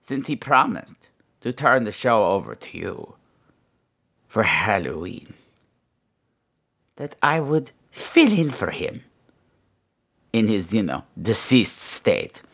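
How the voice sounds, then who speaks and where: A man voicing a gleeful, vicious male gargoyle on a comedy podcast, gloating and swinging between shrill squeals and low growls. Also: very animated, takes it slowly, creaky, long pauses, fairly bright tone, slightly rough, exaggerated voice. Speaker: podcast host. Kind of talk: comedy podcast character monologue.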